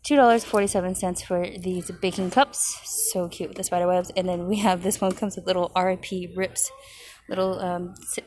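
A woman's voice: mid-range voice, slight background noise. A woman narrating a casual walkthrough of store shelves, reading out prices and cooing over cute items. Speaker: shopping vlogger. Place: large retail store aisle.

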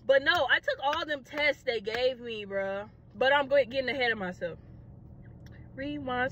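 Brief: young woman, high and bright voice, dramatic, animated storytime delivery. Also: normal speed, highs cut off, a little hiss or hum. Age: young adult. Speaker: vlogger. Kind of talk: casual storytime.

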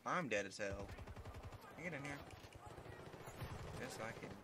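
A man narrates his own gameplay in a loose, profane, excitable way. His voice sits mid-range. Game gunfire is clearly heard behind him. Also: mid-range voice, normal speed. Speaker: gameplay commentator. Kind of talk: let's play commentary. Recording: voice over loud game gunfire noise.

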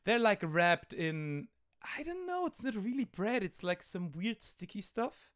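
A man's voice: sits high, very animated, measured pace, a bit bright. A man with a German accent hosting a casual game commentary, rambling and amused, over an online call mic. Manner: rambling, amused, full of fillers. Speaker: host.

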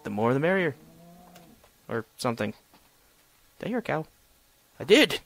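A man's voice: mid-range voice, big pitch swings, normal speed. A young man giving solo gameplay commentary, chatty and sarcastic, talking to the objects he digs at. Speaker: gamer.

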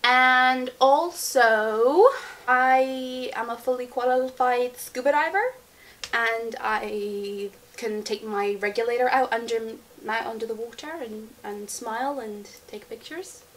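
A woman's voice: fairly high pitch, slow, fairly bright tone, slight background noise. A young woman chatting casually as a vlogger, giggling and rambling as she answers viewer questions. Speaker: beauty vlogger. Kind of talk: casual Q&A chat.

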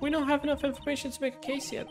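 A woman plays a perky young girl assistant with a lifted, lively voice, encouraging and quick. Faint game music runs behind her. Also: high voice, voice pushed up, close to an everyday voice. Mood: urging. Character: cheerful young female assistant, upbeat.

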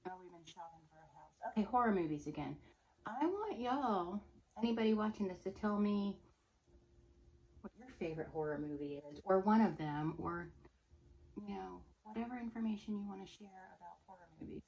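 A woman's voice: medium pitch, expressive, a little fast, darkish tone, dull audio. A woman chatting casually while she does a makeup look, rambling and self-deprecating. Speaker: makeup artist.

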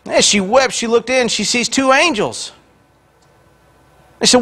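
A man with a strikingly high voice preaching a conversational sermon. He retells scripture in everyday words and drops in joking asides, speaking from the pulpit of a church. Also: measured pace, bright, forceful tone. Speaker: pastor. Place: church sanctuary.

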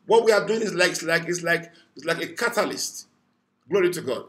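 Fervent high-voiced pastor praying. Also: male voice, quick pace. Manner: fervent, repetitive declarations, prays in tongues. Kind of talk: morning devotional prayer and sermon.

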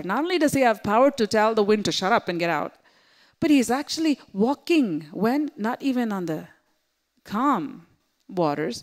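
Woman preaching with dramatic hushed asides. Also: a little high. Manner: dramatic preaching, swinging between loud exclamations and hushed asides. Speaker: pastor. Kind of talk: sermon.

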